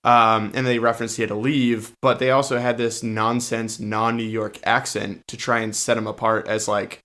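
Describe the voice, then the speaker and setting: A man's voice: on the low side, little pitch movement, normal speed, few pauses, fairly bright tone. A man co-hosting a casual film review podcast, blunt and opinionated, often cutting in. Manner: blunt, opinionated, jumps in over others. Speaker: podcast co-host.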